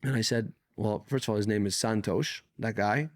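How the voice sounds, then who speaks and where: A man from Canada, a guest on an interview podcast, telling stories in a casual, animated way. He swears freely and acts out the people in his stories. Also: on the low side, normal speed, no room sound, clean studio sound. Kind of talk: casual conversational storytelling.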